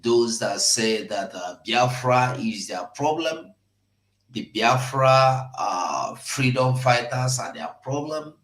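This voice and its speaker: A man hosting a live stream, delivering political commentary slowly with many hesitations. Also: mid-range voice, animated, a bit bright, echoey room, rough recording. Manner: slow, hesitant, many fillers.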